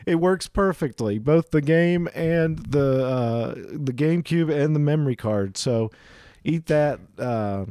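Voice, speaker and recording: A man's voice: on the high side, unhurried, warm tone, smooth, dry recording, clean studio sound. A man co-hosting a casual chat, telling a long anecdote and voicing the people in it. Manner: rambling anecdotes with acted-out quotes.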